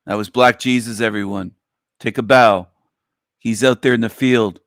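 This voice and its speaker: A man's voice: takes it slowly, no echo, studio quality. A man hosting a livestream show, ranting in a mocking, profane, combative way and slipping into sarcastic whiny impressions. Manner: sarcastic, with falsetto whining impressions.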